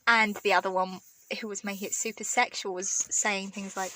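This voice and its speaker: Bright-voiced young woman, dry quips. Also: medium pitch, level tone, brisk. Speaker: podcast co-host. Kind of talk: casual chat.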